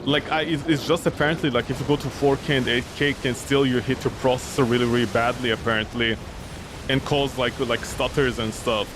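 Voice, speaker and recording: A man's voice: mid-range voice, steady tone, a little fast, background noise. A young man streaming a game, rambling and ranting in exasperation, swearing often and sounding weary. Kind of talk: casual gameplay commentary.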